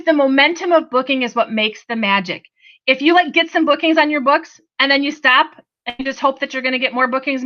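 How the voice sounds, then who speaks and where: A woman's voice: high-pitched, bright, forceful tone, muffled recording. A woman giving an upbeat, chatty motivational sales training talk, calling her audience "you guys".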